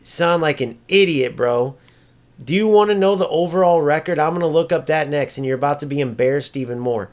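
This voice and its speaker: Male streamer, fairly high voice, heated mocking rants during live gameplay, salty and profane. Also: brisk. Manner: ranting and mocking, swears freely; mimics opponents in a high sneering voice. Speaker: gaming streamer. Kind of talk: live gameplay commentary and chat.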